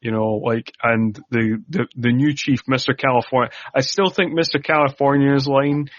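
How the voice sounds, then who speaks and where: A man's voice: mid-range voice, normal speed, no echo. Male podcast co-host, mid-range voice, sarcastic, acts out bits; dry, slightly dull audio. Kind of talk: casual film discussion.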